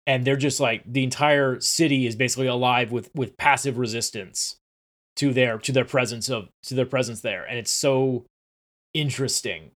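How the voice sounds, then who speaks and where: A man in a relaxed podcast chat, recapping an episode in an easygoing way. He talks at an ordinary pitch and trips over his words now and then. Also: moderate pace. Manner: relaxed, casual, with some stammering restarts. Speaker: podcast co-host.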